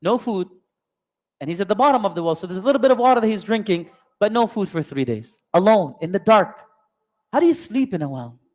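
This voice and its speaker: High-voiced man teaching in a hall. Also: big pitch swings, a little fast. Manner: asks many rhetorical questions, dramatic storyteller; mixes in Arabic terms. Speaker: Islamic teacher. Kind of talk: storytelling religious lesson. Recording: long hall reverb.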